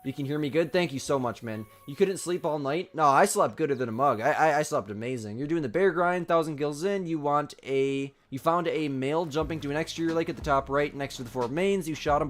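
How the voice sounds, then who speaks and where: Young man, live game streamer, casual chatty talk, cough, mid pitch, faint music behind. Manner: casual, chatty, reads and answers chat. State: sick with a cough. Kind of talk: live gaming stream chat.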